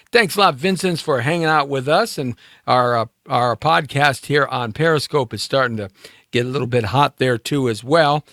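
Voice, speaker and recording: An American man hosts a live talk show, rambling through a live-stream monologue as he muses and jokes with lots of fillers. His medium-pitched voice has a fairly bright tone, captured dry in a clean studio.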